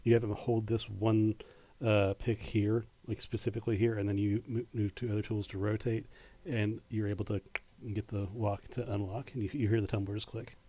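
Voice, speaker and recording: A man narrating a tabletop game as game master, pausing with fillers and restarting his sentences. His voice is low and mellow. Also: little pitch movement, slight background noise. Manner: halting, with many fillers and restarts.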